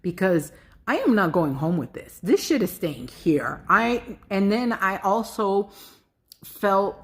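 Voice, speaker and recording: A middle-aged woman telling a personal spiritual story in a casual, animated way, swearing freely and using lots of fillers. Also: mid-range voice, slow pace. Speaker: spiritual vlogger.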